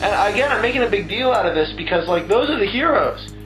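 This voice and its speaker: A man's voice: sits high, animated, quick pace, a bit bright. A young man recapping a story in a rambling, profane comic way, acting out characters in silly voices. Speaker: comedic recapper. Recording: echoey room with music behind.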